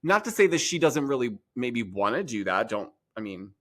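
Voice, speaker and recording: A man's voice: medium pitch, big pitch swings, normal speed, fairly bright tone. A man guesting on a podcast, chatting casually and often restarting his sentences. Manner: conversational, trailing restarts, says "like". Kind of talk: casual gossip chat.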